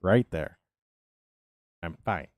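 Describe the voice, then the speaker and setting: A man's voice: low voice, expressive, very slow, no echo, clean studio sound. A man chatting casually on a live game stream, rambling and answering his viewers' chat as he plays.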